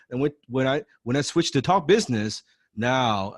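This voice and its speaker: A man's voice: mid-range voice, lively intonation, normal speed, dry recording, studio quality. A man coaching a sales class who stresses key points, repeats phrases and acts out phone calls. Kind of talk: live sales training class.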